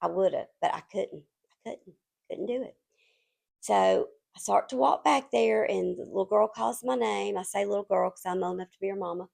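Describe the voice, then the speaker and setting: A woman in her fifties tells a story straight to camera, chatty and rambling. Her voice sits at a middle pitch with a heavy gravelly creak running through it. She stays confiding and animated, as if sharing with close friends. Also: moderate pace. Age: 50s. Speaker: home vlogger.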